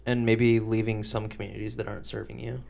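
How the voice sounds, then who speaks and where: A man's voice: on the low side, flat delivery, fast talker, vocal fry, darkish tone. A man hosting a podcast interview, casual and joking. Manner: playful, joking asides. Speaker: podcast host.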